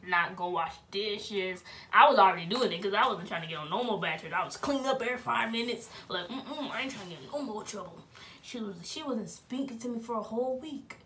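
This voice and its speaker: A young woman casually telling a personal story in an animated, dramatic way. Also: mid-range voice, brisk, a little hiss or hum. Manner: animated, dramatic, laughing retelling.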